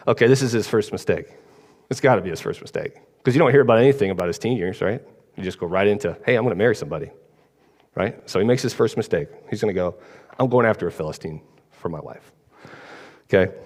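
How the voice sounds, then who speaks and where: A man's voice: lowish voice, a little mellow, in a large hall. A man giving a casual, rambling sermon, often checking in with listeners. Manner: chatty, rambling, asks the congregation "right?" often. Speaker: preacher. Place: church hall.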